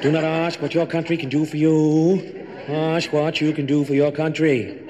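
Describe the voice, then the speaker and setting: A man doing a loud young Boston brother. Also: flat delivery, normal speed, dull audio, close to an everyday voice. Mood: boisterous. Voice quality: high, loud imitation. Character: youngest male politician brother, boisterous. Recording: reverberant live comedy record.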